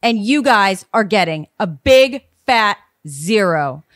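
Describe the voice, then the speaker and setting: A woman's voice: medium pitch, expressive, takes it slowly, dry recording, clean studio sound. A woman reading as an icily polite old swindler. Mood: politely spiteful. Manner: sweetly polite with a spiteful edge. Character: elderly woman con artist, coldly polite. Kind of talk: reading a voicemail aloud.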